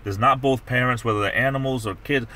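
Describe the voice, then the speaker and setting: Speaking a little fast, this middle-aged livestream host has a medium-pitched, steady voice that sounds pushed and bright. His casual chat wanders and keeps restarting.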